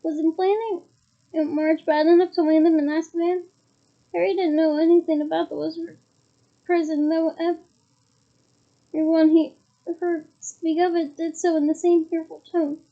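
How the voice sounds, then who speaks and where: Very high-voiced woman reading a storybook. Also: little pitch movement, moderate pace, long pauses. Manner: casual reading with slips and self-corrections. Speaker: reader. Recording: muffled lo-fi recording.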